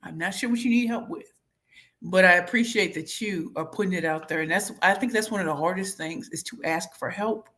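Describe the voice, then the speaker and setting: A woman's voice: fairly low pitch, fairly quick. A woman hosting a casual livestream, reading out viewer comments in a playful way and sometimes breaking into sing-song. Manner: lively, playful, bursts into sing-song and shouts. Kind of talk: casual live chat.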